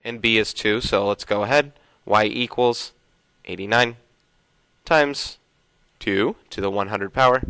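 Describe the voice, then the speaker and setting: A man's voice: fairly low pitch, a little slow, long pauses, sharp tone, clear, resonant tone, dry recording, low-quality recording. A man teaching a casual video math lesson, thinking aloud and sometimes trailing off into mutters.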